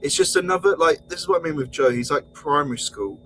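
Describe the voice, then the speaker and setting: A man's voice: on the high side, fast talker, bright, forceful tone, faint music behind, rough recording. A man co-hosting a podcast, exasperated and heated, swearing as he rants. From England. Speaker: podcast co-host. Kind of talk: casual podcast rant.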